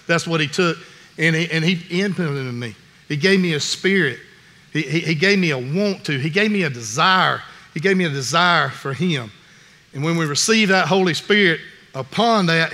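A man's voice: sits high, sharp tone. A man preaching a sermon in an earnest, folksy way, often restarting his sentences. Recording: long reverb in a large hall.

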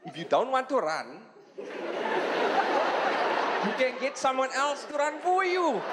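A man with a South African Indian accent delivers a stand-up set in a high, bouncing voice that rises and falls constantly. He slips into quick character voices as he goes. The recording comes from a live theatre, with long hall reverb and a loud audience underneath. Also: heavy background noise. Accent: South African Indian English. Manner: animated, acts out characters in quick put-on voices. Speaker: stand-up comedian.

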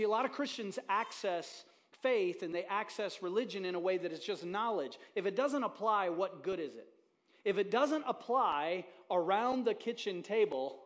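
High-voiced joking pastor. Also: male voice. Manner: conversational, joking with the congregation. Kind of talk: sermon. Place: church auditorium.

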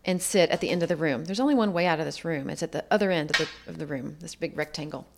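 Over background noise, a woman with a low voice and vocal fry talks fast as she tells her life story as a guest. She is earnest and reflective in conversation, acting out others' words through quoted dialogue.

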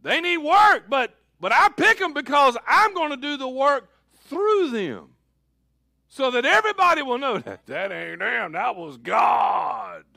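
Male pastor, bright high voice, unhurried and expressive delivery, dry close sound. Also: gravelly, dry recording. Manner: animated preaching, swings from loud calls to quiet asides. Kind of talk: sermon.

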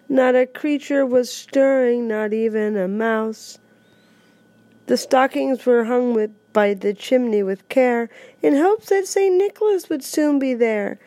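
A woman hosting her own podcast in a playful, joking way, reciting a holiday poem with loud, animated emphasis. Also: a little high, dry recording. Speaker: podcast host.

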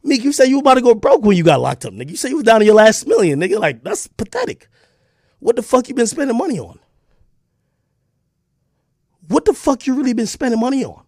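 A man with a podcast delivering an aggressive, profane callout, taunting and often shouting. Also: very high-pitched, big pitch swings, fast, long pauses, dry recording, clean studio sound. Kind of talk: heated callout rant to camera.

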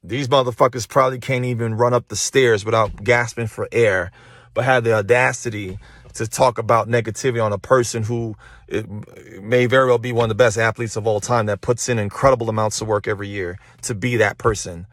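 A man's voice: mid-range voice, fairly even intonation, fairly quick, fairly bright tone, dry recording. A man hosting a motivational podcast, talking emphatically and profanely into his phone and hammering points home by repeating phrases. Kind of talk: casual motivational monologue. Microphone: phone held while talking.

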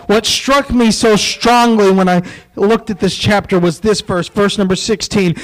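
A man preaching a sermon in a folksy, joking way, dropping into quiet asides. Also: sits high, fairly even intonation, a little slow, few pauses, rough recording.

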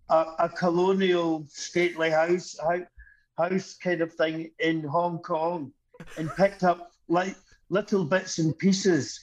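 A man's voice: high voice, slight background noise, low-quality recording. A man who is a guest on a podcast, dry and wordy, giving analytical takes. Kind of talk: casual chat.

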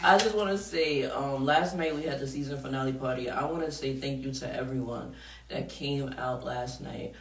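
A woman's voice: extremely low pitch, moderate pace, echoey room, recorded from a distance, slight background noise. A woman hosting a podcast in a studio, talking casually and frankly, laughing often and swearing freely. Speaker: podcast host.

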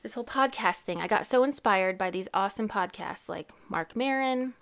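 Chatty woman podcast host, mid-pitched. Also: moderate pace, a bit bright. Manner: chatty and rambling, with laughs and self-interruptions. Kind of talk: casual podcast chat.

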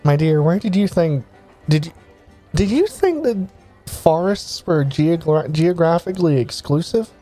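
A man's voice: on the high side, expressive, unhurried, warm tone, soft background music, voice pushed up. A man voicing a polite, condescending female cartographer who calls people "my dear" in a sweet, patronising way.

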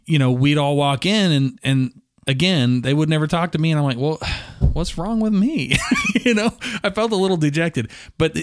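A man's voice: on the high side, no echo, studio quality. Laughing, self-mocking man telling stories. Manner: self-deprecating, laughs often through his stories. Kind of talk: casual storytelling chat.

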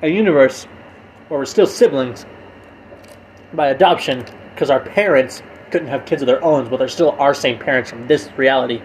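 A young man from a Hispanic family who grew up in the US co-hosts a casual podcast with his brother. Speaking at normal speed in a mid-range voice, he muses through ideas with lots of fillers and restarts. It's a noisy home recording.

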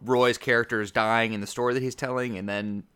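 A man's voice: medium pitch, steady tone, a little fast, bright, forceful tone, smooth. A man in a casual film discussion, thoughtful and hedging his opinions. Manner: thoughtful, hedging, many "like" fillers.

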